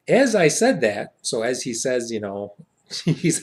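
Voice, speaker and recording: A young man reads a short story aloud and translates it on the fly, rambling and hesitant. He drifts into asides as he thinks aloud, and the quoted lines come out louder and higher. His voice sits at an average pitch. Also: very animated, unhurried.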